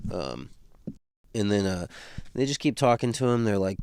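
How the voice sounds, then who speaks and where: A man's voice: on the low side, lively intonation, moderate pace, a little mellow, no echo. A man casually recapping a novel in slangy, laid-back talk, with plenty of fillers. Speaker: book read-through host.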